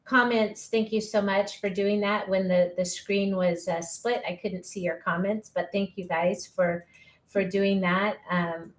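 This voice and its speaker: A woman's voice: medium pitch, fairly even intonation, unhurried. A woman hosting a live-streamed interview show, chatty and upbeat, cheering her listeners on. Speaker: podcast host.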